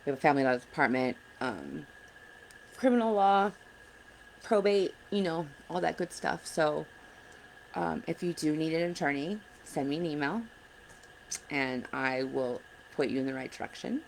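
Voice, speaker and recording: Low gravelly lady vlogging, blunt frustrated advice for other parents, bit of faint hiss. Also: normal speed, low-quality recording. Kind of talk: casual direct-to-camera advice.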